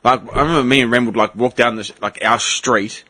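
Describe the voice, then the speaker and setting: A man in a casual chat, chiming in with jokes and quick asides. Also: mid-range voice, fairly even intonation, bright, forceful tone, dry recording. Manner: chiming in with jokes and short quips.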